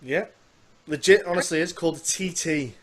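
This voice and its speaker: This Manx-accented man from the Isle of Man hosts a laid-back podcast interview, wandering off on tangents and poking fun at himself. He talks at a moderate speed in a rather high, fairly bright voice.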